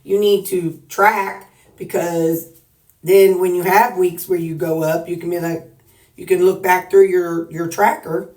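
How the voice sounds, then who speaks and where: Speaking at a measured pace with little pitch movement, a woman with a fairly low, slightly mellow voice rambles and jokes in a folksy, casual chat to camera for her followers. She's a weight-loss vlogger from Missouri with a Southern US accent, recorded from a distance in an echoey room.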